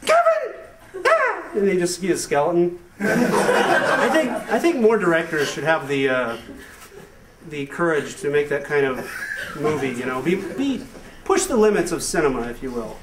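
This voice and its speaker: A young man doing a rambling stand-up comedy routine with hesitant fillers and deadpan asides to a live audience. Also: a little high, normal speed. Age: young adult. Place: live show venue with audience. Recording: echoey room, far from the mic, noisy amateur recording.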